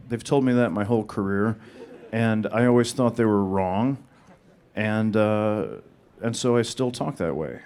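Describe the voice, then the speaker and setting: A man with a flat, monotone, deadpan delivery, answering audience questions on a panel. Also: lowish voice, unhurried.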